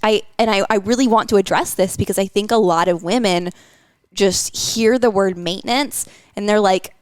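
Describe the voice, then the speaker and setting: A woman's voice: mid-range voice, normal speed, clear, resonant tone, no room sound, studio quality. A woman hosting a podcast as a nutrition coach, talking casually with many fillers. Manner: chatty, lots of fillers.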